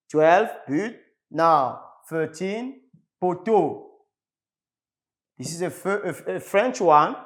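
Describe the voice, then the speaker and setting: A man from the Congo teaching an English lesson on television, slowly repeating words for his class. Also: fairly high pitch. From Republic of the Congo. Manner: slow, repetitive, drilling words for the class.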